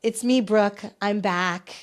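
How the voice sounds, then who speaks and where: A woman in her fifties hosting a casual solo podcast, chatty and talkative, her voice still slightly hoarse as she recovers from losing it. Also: medium pitch, slow. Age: 50s. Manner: chatty and talkative, self-described talker. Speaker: podcast host.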